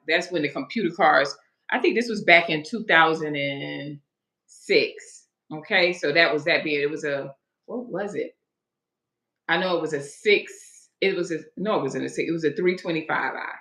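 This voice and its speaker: A woman's voice: lowish voice, pushed and bright. Chatty woman stylist in an echoey room. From Florida. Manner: chatty, digressive, greets viewers mid-story. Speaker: hairstylist hosting a live stream. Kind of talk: casual storytelling to a live audience.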